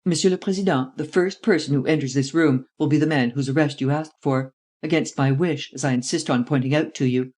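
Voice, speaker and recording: A reader voicing a calm, shrewd male chief detective who speaks in a measured, formal and precise way. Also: mid-range voice, natural voice. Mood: cool.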